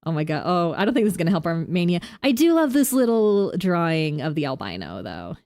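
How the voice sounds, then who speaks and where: A woman's voice: fairly low pitch, sing-song, brisk, darkish tone, dry recording, clean studio sound. A young woman streaming a game, chatting casually and giggling as she rambles.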